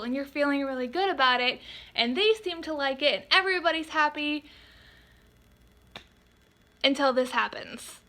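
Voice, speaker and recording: Bright-voiced woman telling a vlog story. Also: high voice. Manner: animated and exasperated, quoting people in quick voices. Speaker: photographer.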